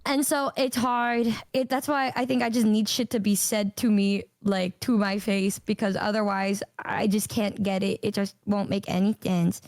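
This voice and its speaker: A young woman streamer in casual chat, talking hesitantly with halting restarts. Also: medium pitch, flat delivery, no room sound.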